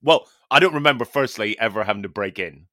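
A man hosts a casual podcast chat, swearing freely and poking fun at himself. His voice is bright and swings up and down a lot. The sound is dry and close. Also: fairly low pitch, expressive, fast, no echo. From Northern Ireland. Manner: sweary, self-mocking. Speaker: podcast host.

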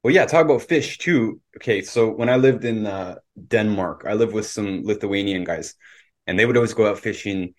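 Low-voiced opinionated man. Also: normal speed. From Canada. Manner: opinionated, lecturing. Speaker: podcast host. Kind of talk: casual podcast discussion.

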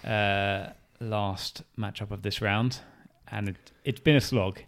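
Gravelly man, laid-back co-host. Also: lowish voice, steady tone, slow pace. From England. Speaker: podcast co-host. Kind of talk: casual chat.

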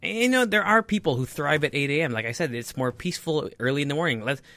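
A man's voice: fairly high pitch, expressive, fast talker, fairly bright tone, no echo. A man rambling casually and jokingly through an article, correcting himself often and swearing freely. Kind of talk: casual solo chat reacting to an article.

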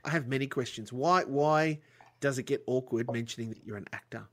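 A podcast host chats with a guest and keeps the tone playful and joking. The voice sits at a middle pitch. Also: a bit bright. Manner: playful and teasing, asks quick questions. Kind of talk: casual interview.

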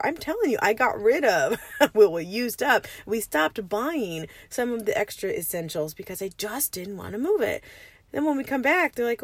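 A woman in her thirties with a raspy just-woken voice, hosting a casual solo podcast from a parked van, rambling and chatty with frequent laughs. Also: a little high, very animated, normal speed, dry recording. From Arizona, USA. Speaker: podcast host.

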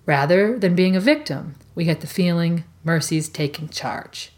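A woman co-hosting a podcast, reading out a measured, prepared analysis of a novel. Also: on the low side, darkish tone.

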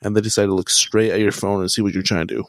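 Young male podcast co-host, lowish voice, rambling casual delivery, dry close recording. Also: level tone, very fast, no echo. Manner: rambling, lots of "like" fillers. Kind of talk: casual chat.

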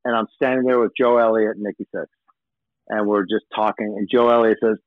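A man's voice: on the low side, steady tone, brisk, dry recording. Male rocker guest, rambling profane storyteller, phone-quality dry audio. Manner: profane, rambling anecdotes with acted-out quotes. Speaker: rock musician guest. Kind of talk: casual interview storytelling. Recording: tinny phone-like line, dry.

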